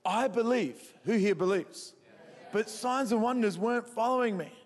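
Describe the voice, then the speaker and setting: Australian male preacher, fairly high voice, animated storyteller who works the crowd, echoey hall sound. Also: normal speed. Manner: animated, quizzes the crowd, self-mocking. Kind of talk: humorous sermon storytelling.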